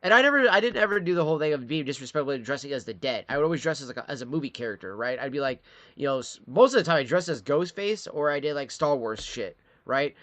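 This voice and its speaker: A man's voice: fairly high pitch, lively intonation, fast talker, fairly bright tone, no room sound. A man from Michigan ranting in a live-stream commentary, profane and rambling, talking straight to his chat. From Michigan, USA.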